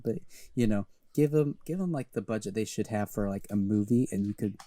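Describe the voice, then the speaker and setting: A man's voice: fairly low pitch, fairly quick, few pauses, dark tone, no room sound. A young man co-hosting a podcast, chatting casually and rambling with lots of fillers and restarts. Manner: rambling, heavy use of fillers. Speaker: podcast co-host. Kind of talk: casual chat.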